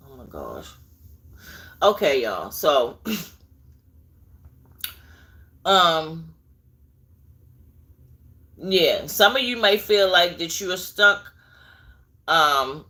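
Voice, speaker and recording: A tarot reader gives a live reading, chatting straight to her viewers and drifting into asides while she searches for things. Her voice is deep, expressive, pushed and bright, and she speaks slowly with frequent pauses.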